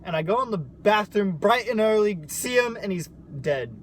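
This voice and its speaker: High-voiced man telling a story. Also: lively intonation, moderate pace, a little hiss or hum. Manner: storytelling, mock-emotional and self-mocking. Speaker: co-host. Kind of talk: casual chat.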